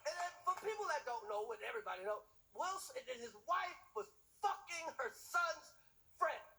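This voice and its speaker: A man's voice: very high-pitched, big pitch swings, normal speed, pushed and bright, soft background music, rough recording. A man doing a stand-up comedy routine, ranting emphatically and profanely, hammering his punchlines with repetition.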